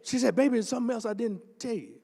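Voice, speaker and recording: An older man, preaching a testimony sermon as associate pastor and telling a story that builds up into shouting. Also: extremely high pitch, quick pace, vocal fry, big-room sound, a little hiss or hum. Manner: animated storytelling, swells into shouting.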